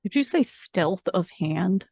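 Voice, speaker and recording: A woman player in casual tabletop game chat, deadpan and teasing. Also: lowish voice, slow pace, no echo, studio quality.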